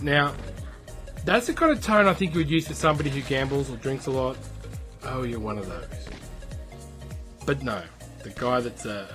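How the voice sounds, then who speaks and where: An Australian man chats casually about his life while gameplay runs, his voice sitting a little high. He rambles and pokes fun at himself. Faint game music plays underneath. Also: a bit bright. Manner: chatty, rambling, self-deprecating. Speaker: gaming YouTuber. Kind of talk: casual storytelling over gameplay.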